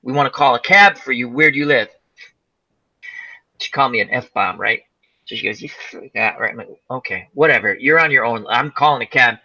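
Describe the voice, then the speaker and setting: A man's voice: mid-range voice, brisk, dull audio. A man hosting a casual chat, telling a rambling funny story and acting out the people in it. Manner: animated, laughing storyteller, acts out quoted voices. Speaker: host.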